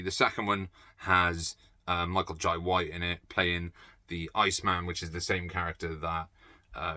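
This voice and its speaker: A man with a very low voice that still cuts through with a bright, forceful edge. He rambles casually about films, blunt and sweary, dropping plenty of ums and uhs. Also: no echo. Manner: blunt, sweary, off-the-cuff with many fillers. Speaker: movie collector vlogger.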